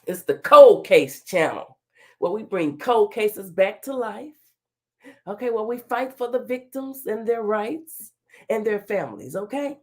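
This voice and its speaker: A woman's voice: medium pitch, expressive, a little slow. A woman hosting a casual livestream talk show, chatty and folksy, greeting viewers by name while her voice is still a little off from being sick. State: recovering from illness, voice slightly off.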